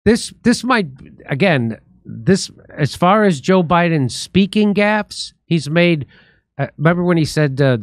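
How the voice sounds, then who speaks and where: A male comedy host riffs in a casual chat and laughs often, with a lively pitch that swings widely. His voice sits a little high and sounds dry and close. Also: unhurried, no room sound. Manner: laughs often, animated riffing.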